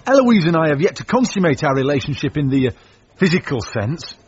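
A man's voice: a little high, very animated, fairly quick, darkish tone, slightly rough, exaggerated voice. An actor playing a gossipy, easily shocked young man in a radio comedy, on a dull lo-fi recording.

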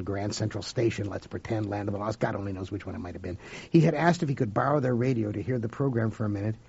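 Gravelly man reading a story. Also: lowish voice, dark tone, dull audio. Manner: emotive, dramatic reading. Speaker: audiobook narrator. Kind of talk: first-person story reading.

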